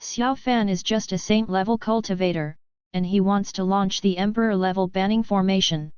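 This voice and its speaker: Very smooth woman narrating an audiobook. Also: medium pitch, fairly even intonation, normal speed, darkish tone, dry recording. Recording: slightly dull lo-fi recording.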